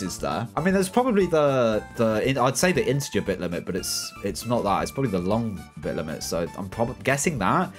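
Young British man, gaming streamer, relaxed rambling chat, medium pitch, faint music in the background. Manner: laid-back, rambling with frequent restarts and fillers. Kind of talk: casual livestream chat, reading chat aloud.

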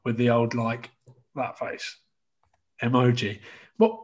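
A man's voice: medium pitch, animated, takes it slowly, long pauses. A man on a podcast panel, chatting casually and mockingly reading out online comments about himself. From Scotland. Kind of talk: casual chat.

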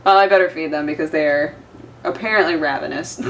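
A woman chatting casually in a home vlog, often slipping into high-pitched baby talk with her cats. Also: expressive, takes it slowly, long pauses, fairly bright tone, a little hiss or hum. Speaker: vlogger. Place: home, indoors.

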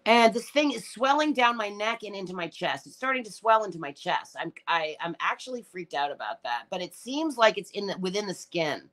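A middle-aged woman talks to her live chat in a rambling, emotional way, tearful and swearing freely. Her voice is bright and very lively in pitch, leaping high when she gets worked up. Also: a little fast, hardly any pauses. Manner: rambling, emotional, profane ranting. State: tearful and upset. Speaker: livestream host reading chat. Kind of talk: casual live-stream chat.

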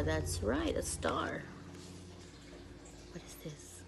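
Preschool teacher, young woman, very slow and sing-song, a little gravelly, lowish voice. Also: lively intonation. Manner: slow, sing-song, encouraging tone with animal sounds. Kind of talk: children's video lesson.

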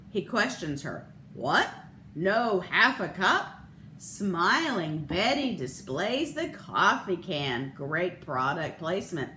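A woman pastor preaching a sermon and telling a story in an expressive, measured way. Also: fairly low pitch, echoey room, slight background noise.

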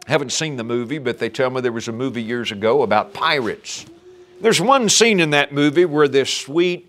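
A man's voice: medium pitch, fairly bright tone. A man preaching a sermon, quoting and explaining Scripture verses.

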